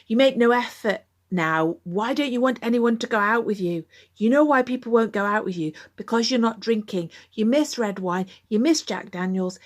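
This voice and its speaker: A woman's voice: medium pitch, lightly acted. A woman voicing her own inner addict, a needling, guilt-tripping voice that taunts her.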